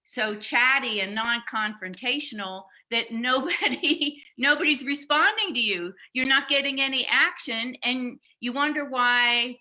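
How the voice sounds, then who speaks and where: A woman's voice: sits high, unhurried, few pauses, bright, forceful tone. A woman leading a communication workshop, explaining in a teaching tone with small restarts and light laughs. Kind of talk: teaching seminar talk.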